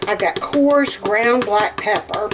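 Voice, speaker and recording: A woman's voice: mid-range voice, background noise. A middle-aged woman with a Southern US accent chatting casually as she cooks in her home kitchen, rambling along with plenty of "um"s. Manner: chatty, rambling, with drawn-out words and many "um"s. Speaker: cooking vlogger. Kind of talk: casual cook-along chat.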